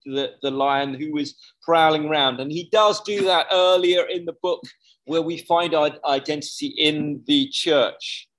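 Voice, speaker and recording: Male preacher with a slightly high voice, chatty sermon delivery with frequent self-corrections. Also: a bit bright, rough recording.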